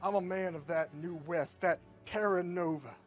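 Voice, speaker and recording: A man's voice: high voice, normal speed, soft background music, close to an everyday voice. A man doing a folksy naive cowboy. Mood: earnest. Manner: drawling, earnest, old-fashioned.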